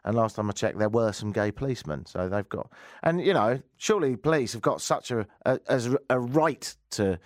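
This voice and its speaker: A man's voice: fairly low pitch, no room sound, clean studio sound. A man hosting a radio show, giving casual commentary with wry, rambling jokes and asides. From England. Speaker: radio host.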